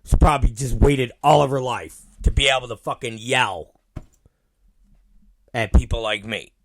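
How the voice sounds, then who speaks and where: A man hosting his own show, telling a story in an animated, profane way and acting out both sides of the dialogue. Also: medium pitch, normal speed, a little hiss or hum. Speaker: podcast host. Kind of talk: storytelling monologue.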